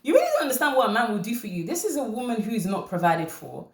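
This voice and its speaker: A woman hosting a commentary channel, talking to camera in an animated way and repeating her points for emphasis. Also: a little high, fast talker, reverberant. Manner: animated, laughing, emphatic repetition.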